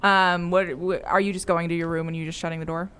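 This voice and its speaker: A woman's voice: on the low side, flat delivery, quick pace, fairly bright tone, clear, resonant tone. Young female game master; loose, playful, rambling narration. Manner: rambling, filler-heavy, playful.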